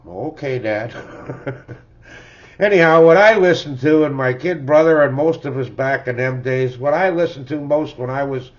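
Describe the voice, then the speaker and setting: Reminiscing about the records he loves, an older music-collector vlogger rambles and chuckles, ending his sentences with "eh?". He speaks at a moderate pace in a fairly high voice, captured in a dull, lo-fi home recording.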